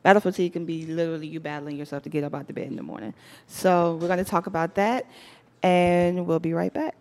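A woman hosting a relaxed studio talk show, speaking in a slightly low voice. She is chatty and breaks into laughter often. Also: fast. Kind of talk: casual chat.

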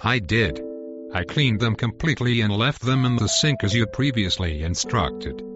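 An actor playing a calm, hurt husband who explains himself in a measured, pleading way, in a muffled recording with music underneath. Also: male voice, lowish voice, lightly acted. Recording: muffled sound with music behind.

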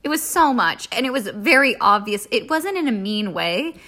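A woman's voice: mid-range voice, big pitch swings, normal speed, bright, forceful tone. A woman co-hosting a casual podcast, easygoing and frank. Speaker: podcast co-host. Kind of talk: casual chat.

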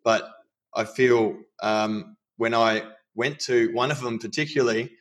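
A man's voice: mid-range voice, fairly even intonation, unhurried. Candid man telling personal stories. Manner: candid, storytelling with acted quotes. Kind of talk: casual conversation.

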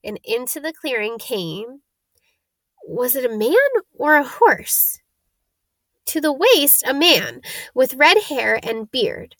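Female storybook narrator, raised pitch, dry studio read. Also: fairly bright tone, dry recording. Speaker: audiobook narrator.

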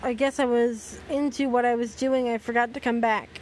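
A woman's voice: a little high, fairly even intonation, normal speed, slight background noise, close to an everyday voice. A woman reading a grieving young hero. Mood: remorseful.

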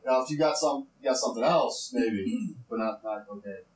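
A man's voice: mid-range voice, animated, normal speed. A man running a tabletop game as game master, narrating loosely with hesitations and fillers. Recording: roomy room with faint noise.

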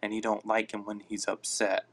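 A man's voice: on the low side, monotone, moderate pace. A man hosting a casual live podcast on his phone, rambling and reacting aloud to listener comments. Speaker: podcast host.

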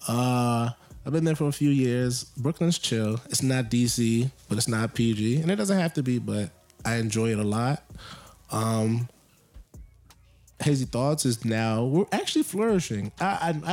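Animated young man ranting casually. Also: medium pitch. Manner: rambling, joking, animated rants. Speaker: podcast co-host. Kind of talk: casual chat.

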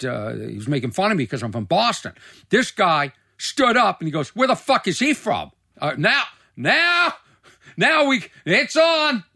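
A man's voice: mid-range voice, a bit bright, dry recording, clean studio sound. A man hosting his own show, telling rambling stories in a casual monologue full of fillers and restarts. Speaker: comedian podcast host.

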